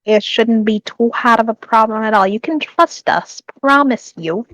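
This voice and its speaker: Casting: playful woman player, mid pitch, dry close mic. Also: expressive, normal speed, a bit bright, dry recording, poor audio. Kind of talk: casual tabletop play.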